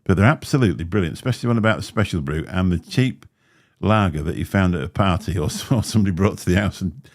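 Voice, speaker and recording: A man's voice: deep voice, lively intonation, fast talker, few pauses, a little mellow. A man hosting a livestream, chatting in a rambling way with a slight lisp and frequent laughs. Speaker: livestream host. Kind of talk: casual chat. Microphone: desk microphone.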